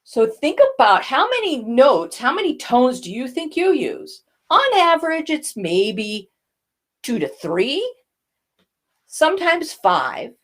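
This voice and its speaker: A woman's voice: high-pitched, sing-song, slow pace, a bit bright. An older woman, a voice coach, teaching a lesson and demonstrating vocal effects as she explains.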